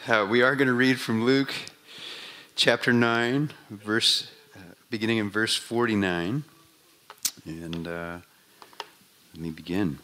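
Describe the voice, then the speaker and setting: Hoarse man preaching casually. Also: fairly low pitch, slow, long pauses, pushed and bright. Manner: conversational, many fillers. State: voice lower than usual, hoarse. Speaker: pastor. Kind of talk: sermon.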